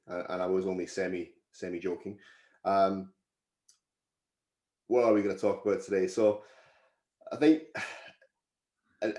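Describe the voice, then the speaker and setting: In an echoey room, a man with a low, darkish voice hosts a casual podcast, teasing and joking with his co-hosts.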